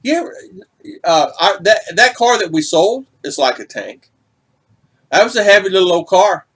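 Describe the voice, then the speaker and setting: Middle-aged guy chatting on a livestream, shouting out his viewers, voice a little high. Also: sing-song, moderate pace, husky. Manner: chatty, greets viewers by name. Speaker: vlog host reading live chat. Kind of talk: casual livestream chat.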